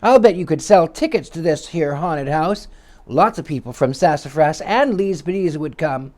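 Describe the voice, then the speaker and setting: A man's voice: fairly high pitch, animated, normal speed, a little mellow, close to an everyday voice. A man doing an eager storybook boy. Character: eager young boy, bold and friendly.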